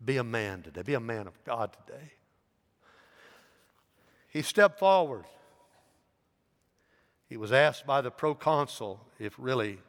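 A man's voice: mid-range voice, fairly bright tone. A man, a pastor preaching a sermon as he tells a story, with rising emphasis. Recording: long reverb in a large hall.

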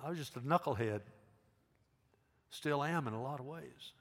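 A middle-aged man, a pastor giving an earnest altar call, swinging between loud emphasis and hushed pleading. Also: mid-range voice, moderate pace. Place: large church sanctuary. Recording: long hall reverb.

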